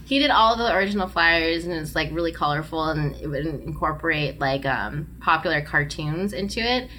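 A woman's voice: low-pitched, lively intonation, moderate pace, sharp tone, slight background noise. A woman hosting a casual podcast, chatting loosely with lots of ums and likes. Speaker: podcast host. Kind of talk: casual chat.

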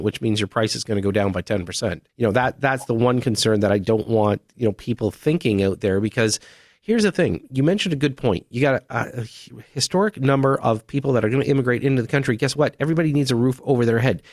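A man's voice: mid-range voice, dry recording, clean studio sound. A man hosting a radio talk show, chatty and joking with his guests.

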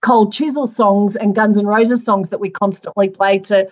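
An Australian woman, an author and former radio DJ, chatting in an interview and telling lively stories. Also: mid-range voice, normal speed. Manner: lively storyteller, laughs through anecdotes. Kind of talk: casual interview chat.

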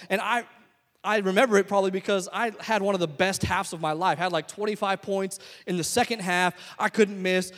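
A young adult man preaching a sermon as a pastor, swinging between loud exhortation and soft asides. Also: high-pitched, big-room sound. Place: church sanctuary.

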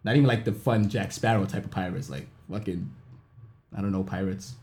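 A man's voice: lowish voice, fairly even intonation, brisk, a little mellow, a little hiss or hum. A man co-hosts a casual chat podcast. His talk is loose and unfiltered, full of swearing and acted-out quotes. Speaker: podcast co-host.

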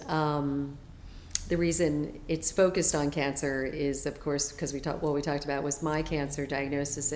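A woman's voice: low-pitched, a little mellow, roomy sound, a little hiss or hum. A woman guest on a podcast, a health coach talking in a chatty, enthusiastic way with lots of fillers. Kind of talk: casual interview chat.

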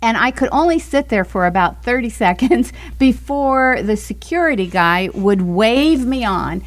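A woman's voice: on the high side, animated. A woman telling a personal faith story as a guest on a talk show, laughing often as she goes. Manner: slow, storytelling with frequent laughs. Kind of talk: testimony in a Christian talk show.

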